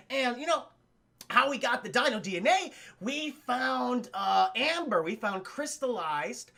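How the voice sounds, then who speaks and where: A man streaming a casual film recap to his live chat, excitable and swearing freely as he talks straight to the viewers. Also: very high voice, normal speed, vocal fry.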